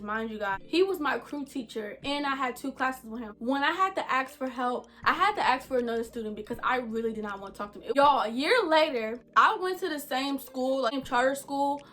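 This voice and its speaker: A woman vlogger telling a casual storytime, animated and chatty, full of slang and asides to viewers. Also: a little high, a little fast, hardly any pauses, soft background music.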